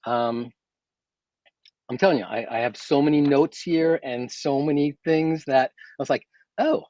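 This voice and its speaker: A man's voice: on the high side, unhurried, warm tone, no room sound. Man guest, enthusiastic, effusive, dry and slightly muffled call audio. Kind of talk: casual chat on a video call. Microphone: video call.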